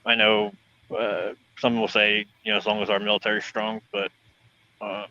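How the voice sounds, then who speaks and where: A man's voice: on the low side, little pitch movement, normal speed, sharp tone, muffled recording. A man hosting a casual online panel chat, asking questions in a chatty way full of fillers. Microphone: headphones and home mic on a video call.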